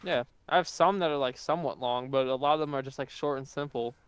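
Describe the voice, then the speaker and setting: A man's voice: medium pitch, quick pace, smooth. A man chatting casually on a podcast, slangy and calling everyone bro. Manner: slangy, drops "bro" a lot. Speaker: podcast co-host.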